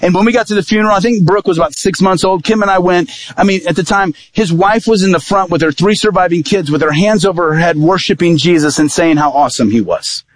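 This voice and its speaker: A man preaching as an evangelist, telling a personal story in a lively sermon style and acting out what people said. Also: high voice, fast, few pauses. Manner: vivid storytelling, acting out quoted dialogue.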